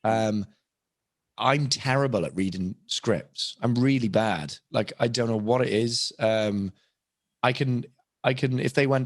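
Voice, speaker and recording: Unhurried and medium-pitched, a young British voice actor and impressionist with a British accent rambles through casual podcast talk, mocking himself and restarting frequently. The recording is dry and clean, studio-grade.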